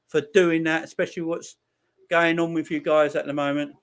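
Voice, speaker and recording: A man's voice: fairly high pitch, level tone, normal speed, smooth. Man hosting a football watchalong. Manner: reads viewer messages and gives warm shout-outs; rambling, repeats phrases. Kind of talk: casual live-stream chat.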